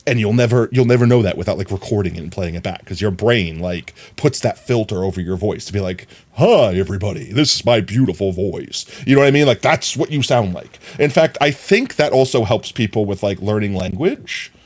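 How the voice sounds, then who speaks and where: Animated, chatty male streamer. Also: on the low side, brisk, few pauses. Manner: animated, chatty, many fillers. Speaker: livestreamer. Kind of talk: casual chat with viewers.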